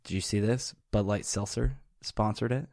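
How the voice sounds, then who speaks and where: College-age guy on a podcast, deep-ish voice, dry and low-key, dead dry mic. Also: normal speed, creaky, darkish tone, no room sound. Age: young adult. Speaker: podcast co-host. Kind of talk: casual chat.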